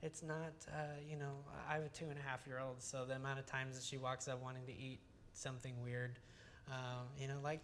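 Teaching scripture in a relaxed sermon, this earnest young adult Bible teacher talks in a chatty, conversational way at a brisk pace. The voice sits mid-pitch and keeps circling back with restarts and casual fillers while the points build. Slight background noise is present.

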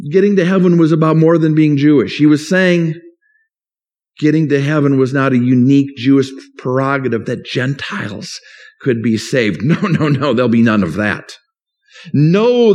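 Male pastor, mid-high voice, conversational sermon delivery with quoted asides. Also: darkish tone. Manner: conversational preaching with rhetorical questions and acted-out quotes.

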